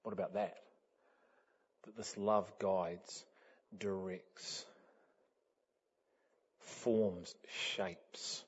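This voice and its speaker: A man preaching a sermon, telling a story with lively energy and laughter, building up to loud exclamations. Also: sits low, drawn-out words, long pauses, husky. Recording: dull lo-fi sound.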